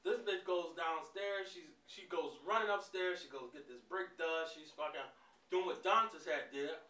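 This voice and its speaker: A man with a higher, bright, forceful voice tells a story in a casual vlog, swearing freely and laughing along the way. He sits a little back from the mic, and the room gives his voice an echoey ring. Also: moderate pace. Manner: animated, profane, laughing storyteller. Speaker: vlogger. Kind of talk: casual storytime while eating. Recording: roomy sound, mic at a distance.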